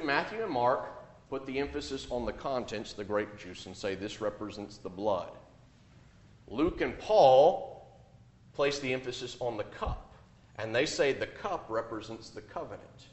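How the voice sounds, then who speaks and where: A man preaching a sermon, emphatic, rising on key points and dropping low on asides. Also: sharp tone. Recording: echoey room.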